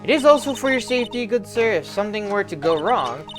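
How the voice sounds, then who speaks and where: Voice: mid-range voice, big pitch swings, fast talker, lightly acted. A streamer voicing a stern older woman who speaks with stiff, old-fashioned formality, over game music. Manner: stiff, archaic politeness, repeats "good sir". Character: stern, formal older woman, head of a spirit-medium family.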